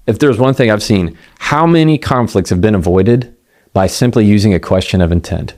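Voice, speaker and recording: A middle-aged man gives a motivational talk on communication. He speaks conversationally, acts out quoted voices and slows down to land key points. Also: lowish voice, lively intonation, darkish tone. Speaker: communication coach.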